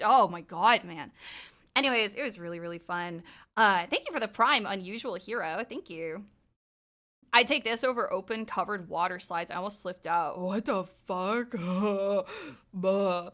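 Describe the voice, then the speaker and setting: Speaking in a mid-range voice, this young adult woman is live-streaming and casually talking with her viewers. She gets excitable, laughs a lot, and doesn't hold back on swearing.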